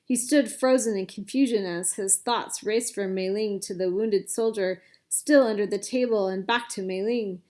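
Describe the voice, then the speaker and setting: Female storybook narrator, clear and expressive, mid pitch. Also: moderate pace, few pauses. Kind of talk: storybook reading.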